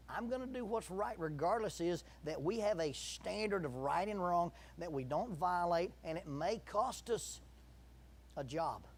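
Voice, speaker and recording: Emphatic middle-aged male preacher with a high, light voice; sermon in a church, repeats his key lines for effect. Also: expressive, measured pace. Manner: emphatic, repeats key phrases, leads congregation in call-and-response.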